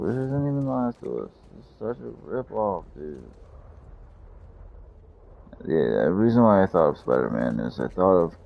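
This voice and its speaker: A man's voice: a bass voice, vocal fry. A man casually commentating his gameplay with profane, joking banter, in a lo-fi recording. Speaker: gameplay streamer.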